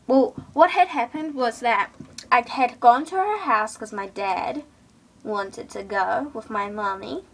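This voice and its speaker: A woman's voice: fairly high pitch, measured pace. A teenage girl telling a storytime rant to camera in an indignant, chatty way, full of fillers. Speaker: vlogger.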